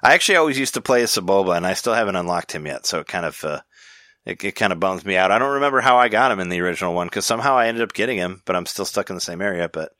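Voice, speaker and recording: A man's voice: sits low, animated, rapid-fire, sharp tone, dry recording, clean studio sound. A man hosting a podcast, chatting casually in a rambling way, with many restarts and easy laughs. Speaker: podcast host. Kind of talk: casual chat.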